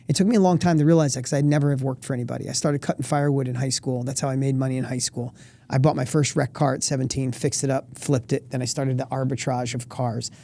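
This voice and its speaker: A man's voice: medium pitch, steady tone, quick pace, creaky, dark tone. A man talking emphatically and motivationally as a podcast guest. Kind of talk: podcast conversation.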